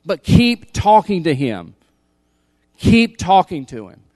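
A man preaching a sermon as pastor, emphatic, repeating key lines and swinging from loud appeals to hushed intensity. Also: sits high, very animated, slow, dry recording.

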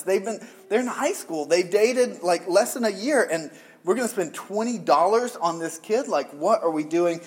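Joking pastor from the South. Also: male voice, high-pitched, animated, moderate pace. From American South. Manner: conversational, joking with the congregation. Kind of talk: sermon.

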